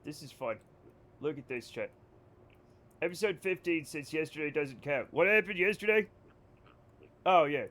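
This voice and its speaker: A man's voice: fairly high pitch, animated, moderate pace, long pauses, fairly bright tone, a little hiss or hum. An American man streaming a game, joking and rambling to his chat. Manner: jokey, rambling, talks to chat. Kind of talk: casual livestream chat.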